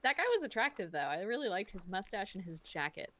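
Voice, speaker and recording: A woman's voice: mid-range voice, very animated, fast, a bit bright. A woman streaming a mystery game, chatting casually, reading chat aloud and laughing often.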